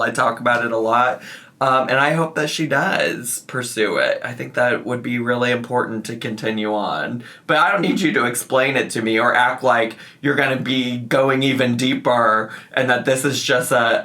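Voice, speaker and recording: A man talks through a reaction video in a chatty, sarcastic way, laughing now and then. His voice is bright and forward, at a middle pitch for a man. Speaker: YouTube commentary host. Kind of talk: reaction commentary.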